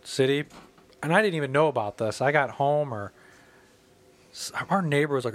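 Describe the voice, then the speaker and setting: A man's voice: fairly high pitch, animated, normal speed, long pauses. A man in his thirties from the Midwest, telling a profane story in casual chat and acting out the people in it. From American Midwest. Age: 30s.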